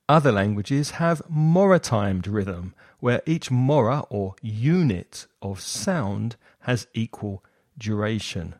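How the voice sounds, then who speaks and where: A man giving a scripted explanatory lesson, setting out terms one by one in a measured way. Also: fairly low pitch, big pitch swings, a little mellow, no room sound, clean studio sound. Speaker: lecturer.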